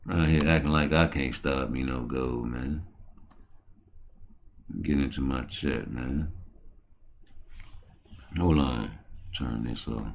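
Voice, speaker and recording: A man hosting his own channel, talking in a profane, boisterous, rambling way that swings between low mutters and loud excited bursts. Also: takes it slowly, long pauses, a little hiss or hum. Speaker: channel host. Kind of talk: rambling livestream talk.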